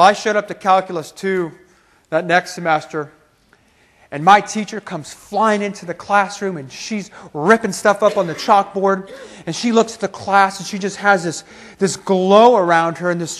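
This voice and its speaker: A man giving a motivational keynote, telling a story about himself in an animated, self-mocking way, laughing as he goes. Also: high-pitched, normal speed. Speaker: keynote speaker. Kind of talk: motivational storytelling to a live audience.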